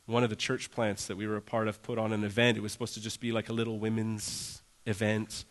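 A man's voice: on the low side, completely flat delivery, fast. A man preaching a conversational sermon as a pastor, earnest and casual, often saying "like" and acting out prayers in a raised voice.

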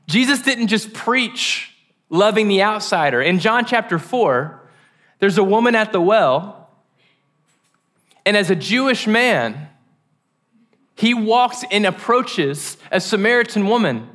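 A man preaching a sermon, animated and joking, acting out the quoted voices. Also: high-pitched, measured pace.

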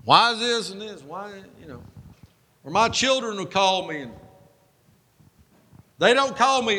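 A pastor preaching a sermon, folksy and self-mocking, building to fervent preaching. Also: male voice, sits high, lively intonation, a little slow, pauses often, pushed and bright. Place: church sanctuary. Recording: long hall reverb.

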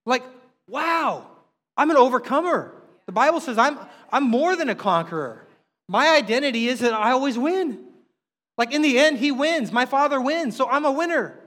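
A middle-aged man, a pastor, preaching a sermon in a conversational, animated way with emphatic rises. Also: extremely high pitch, moderate pace. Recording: long hall reverb.

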